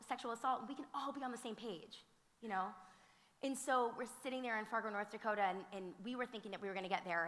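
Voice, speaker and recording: Woman telling stories in an echoing hall. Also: on the high side. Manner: animated, frequent fillers and restarts. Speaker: teacher and theater director speaking on a panel. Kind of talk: conversational storytelling at a conference. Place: museum auditorium. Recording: reverberant hall sound.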